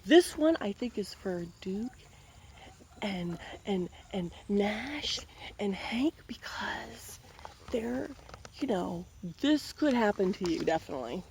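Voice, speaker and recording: A woman's voice: mid-range voice, very animated, slow pace, gravelly, darkish tone, slight background noise. A woman reading a picture book aloud, breaking off for playful, wry running commentary.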